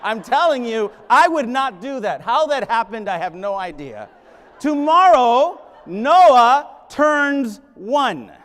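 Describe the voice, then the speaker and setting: A man's voice: very high voice, sing-song, slow, fairly bright tone. A middle-aged man giving a humorous keynote at a conference, joking with the audience and switching into Spanish. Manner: joking, addresses the crowd directly, switches into Spanish. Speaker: keynote speaker, high school principal. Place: large conference hall. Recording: long reverb of a large conference hall.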